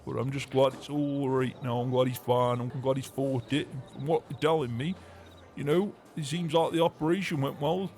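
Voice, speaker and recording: A young man with a gravelly edge speaks heartily in a game roleplay. He stresses his words and swears casually, with faint music underneath. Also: mid-range voice, fairly even intonation, normal speed, a little mellow. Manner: hearty, emphatic, swears often. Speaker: roleplay player. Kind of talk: casual in-character roleplay chat.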